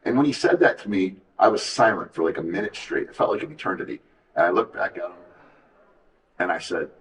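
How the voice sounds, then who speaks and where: A man's voice: low-pitched, lively intonation, a little fast, recorded from a distance, rough recording. A man telling his story as an interview guest, candid and emphatic, often acting out what others said to him. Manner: earnest, emphatic, reflective, quotes others in dialogue.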